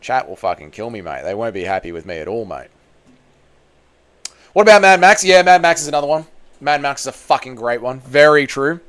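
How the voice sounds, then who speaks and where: A man's voice: medium pitch, big pitch swings, brisk, a bit bright, dry recording. A man with an Australian accent chatting casually on a livestream, reading donations and swearing in matey banter. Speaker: MMA YouTuber streaming live.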